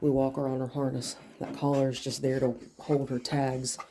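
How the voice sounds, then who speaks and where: A woman dog trainer explaining what she does as she handles a nervous dog, now and then dropping into soft, soothing talk. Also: very deep voice, level tone, normal speed, a little hiss or hum.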